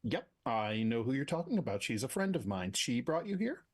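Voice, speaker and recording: A man speaks in character at a tabletop game, gentle and friendly. His voice is a little husky and rises and falls freely. He sounds patient as he coaxes someone along. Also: mid-range voice, big pitch swings, a little fast. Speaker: player. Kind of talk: in-character tabletop role-play.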